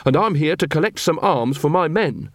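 A man's voice: fairly high pitch, expressive, moderate pace, dry recording, studio quality. A man voicing an earnest, polite young watch corporal who speaks formally and by the book, in an audiobook reading.

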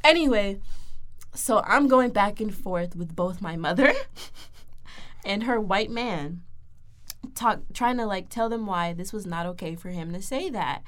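A woman's voice: medium pitch, unhurried, pauses often. A young woman co-hosting a casual podcast, telling a family story with lots of laughter and acted-out quotes. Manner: animated, acts out quoted voices, laughs often. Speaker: podcast co-host.

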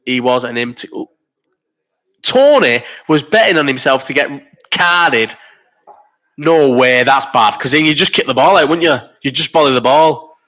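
Man, early thirties, bright forceful voice, sweary rambling banter, coughing and under the weather, live-stream chat into a desk mic. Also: mid-range voice. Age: 30s. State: sick with a cough. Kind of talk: casual live-stream chat reading comments. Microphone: desk microphone.

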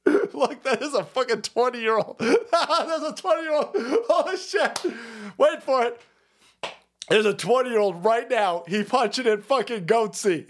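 Brief: foul-mouthed sarcastic male streamer, lively swinging pitch, laughs a lot. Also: slight background noise. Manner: profane, sarcastic, laughing often. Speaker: streamer host. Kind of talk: livestream commentary rant.

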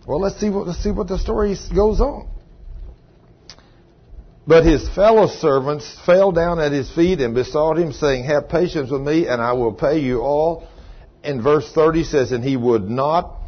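A man's voice: on the high side, husky. An older man preaching a sermon, telling the story in a folksy way and acting out the lines of the people in it. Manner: folksy storytelling with acted-out dialogue. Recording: muffled lo-fi recording.

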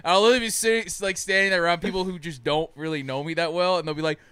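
A young man from Tennessee with a bright, crisp voice, sitting close on a dry mic. He co-hosts a podcast and tells wild, swear-laden stories, talking animatedly and laughing often. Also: sits high, racing, dry recording. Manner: animated, profane storytelling with laughter. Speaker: podcast co-host. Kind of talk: casual chat.

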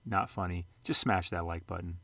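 A man with a fairly low voice talks viewers through charts in a loose, rambling vlog style. He corrects himself often and throws in jokey asides. The sound is dry and close, with no room echo. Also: normal speed, creaky, sharp tone. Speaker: sports card and investing vlogger. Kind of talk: casual screen-share commentary.

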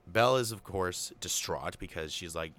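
A young man recaps and analyzes a film in a low voice at normal speed, his tone fairly bright. As a film commentator he rambles casually, using lots of fillers and offhand paraphrases of the characters.

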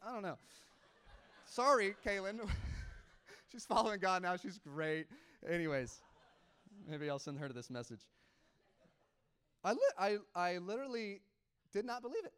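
Young male pastor, lightly raised pitch, clean resonant tone, chatty animated sermon storyteller. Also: normal speed, pauses often, clean tone. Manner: casual, animated storytelling with laughs and quoted dialogue.

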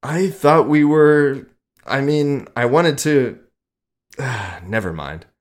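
A man's voice: fairly high pitch, very animated, slow pace, pitched above the performer's own voice. A man voicing a shy, awkward young college man who talks hesitantly and nervously.

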